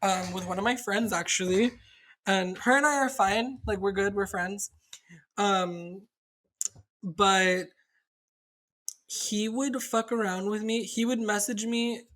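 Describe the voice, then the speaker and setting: A young woman spins a candid story for her podcast, rambling with plenty of fillers and casual swearing. Her voice sits at an ordinary middle pitch. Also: fairly even intonation, slow pace, pauses often, a bit bright. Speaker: podcast co-host.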